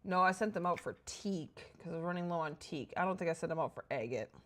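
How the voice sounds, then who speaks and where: A woman chatting casually with her viewers while playing a game, excitable and talking to herself as she goes. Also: fairly low pitch, fast talker, slight background noise. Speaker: game streamer.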